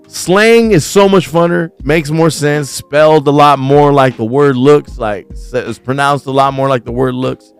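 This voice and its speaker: A man hosting a casual news commentary livestream, talking in profane, slangy rants that get animated when he is worked up. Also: mid-range voice, measured pace, hardly any pauses, smooth, dry recording, soft background music. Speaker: host.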